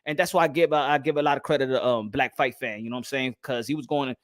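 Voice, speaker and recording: A man's voice: mid-range voice, steady tone, quick pace, no room sound, studio quality. A young man hosting a boxing channel, talking in slangy, rambling commentary and often repeating himself.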